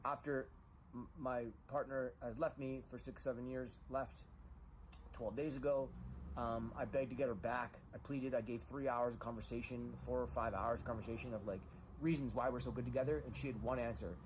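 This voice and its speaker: A middle-aged man, distraught after a breakup and a loss, delivers a rambling, emotional confessional monologue, repeating himself in grief, his voice rising when agitated. His mid-range voice is steady at normal speed, with a little hiss or hum.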